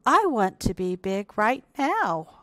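A woman voicing a small, eager young male hippo in a children's storybook reading, with a childlike, excited manner. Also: medium pitch, slow pace, no echo, full character voice. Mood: pleading.

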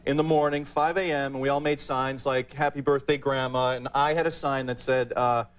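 A man, a comedian guest, telling a deadpan anecdote with many fillers in a TV studio. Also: mid-range voice, moderate pace, clear, resonant tone. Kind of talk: talk-show anecdote.

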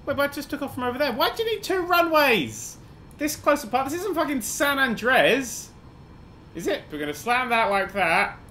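A man giving excitable, sarcastic gameplay commentary, swearing freely as he flies. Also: very high voice, normal speed, slight background noise. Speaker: gaming video host.

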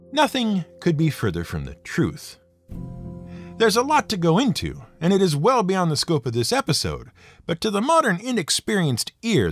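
A man narrating a scripted podcast episode in a wry, playful storytelling manner with dry asides. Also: medium pitch. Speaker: podcast host.

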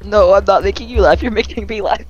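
A woman's voice: medium pitch, fast, dull audio. A young woman in casual voice chat, teasing her friends. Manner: playful, teasing.

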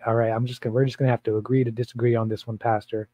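A man's voice: mid-range voice, steady tone, very fast, few pauses, dark tone, no room sound. Male pastor, casual bible study talk, blunt and rambling, dull lo-fi sound, dry. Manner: blunt, provocative, rambling with repeats.

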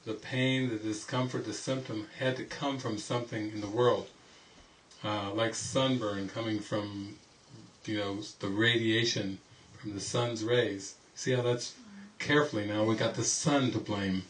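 A man's voice: on the low side, steady tone, unhurried, a bit bright. Rambling male spiritual teacher telling stories. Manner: rambling, anecdotal, often laughing. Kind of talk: informal retreat teaching with stories. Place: indoor retreat gathering. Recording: distant mic with faint background noise.

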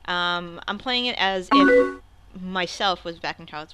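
A woman's voice: lowish voice, a little slow, a bit bright, poor audio. A young woman hosting a let's play, chatting and thinking aloud while she types her replies in the game. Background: game music and keyboard typing.

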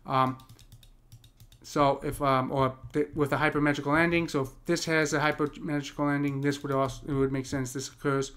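His voice on the high side and a bit bright, this American poetry teacher talks fairly quickly in a level tone. In a casual screen-share lesson about poetic meter, he thinks aloud, full of fillers and restarts.

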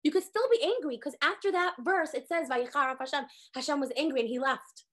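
A woman in her thirties teaching a lively Torah class, acting out quotes with sudden jumps in pitch. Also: brisk. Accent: sprinkles Hebrew words. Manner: animated, acts out quotes with big pitch jumps.

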